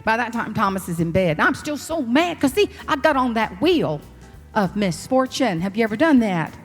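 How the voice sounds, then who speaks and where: A woman with a Southern US accent, a motivational speaker telling folksy, animated stories in a humorous keynote. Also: a little high, moderate pace, breathy edge, big-room sound, soft background music. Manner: animated, folksy, slips into character voices. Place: large hall on stage.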